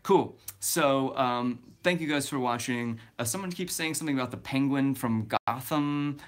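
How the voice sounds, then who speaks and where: A man's voice: medium pitch, normal speed. A man in his twenties chatting casually on a livestream, rambling with many fillers and restarts. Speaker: vlogger.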